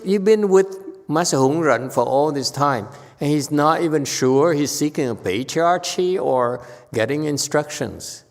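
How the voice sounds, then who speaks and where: A man giving a Buddhist dharma lecture, blunt and scolding, often checking whether listeners understand. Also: on the high side. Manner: blunt, scolding, repeats questions to the audience. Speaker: Buddhist monk teacher. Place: temple lecture hall. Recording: long hall reverb.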